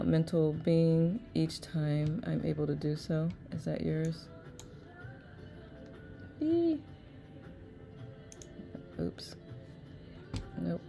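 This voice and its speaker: A woman's voice: deep voice, vocal fry, mellow. A woman hosting a live online chat, reading viewers' messages aloud and laughing often. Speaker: host.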